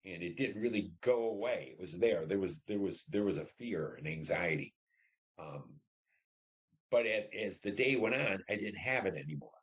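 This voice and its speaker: Older male veteran in his 70s, deep low voice, oral history interview, plain storyteller who acts out the dialogue. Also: normal speed. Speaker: Vietnam War veteran interviewee.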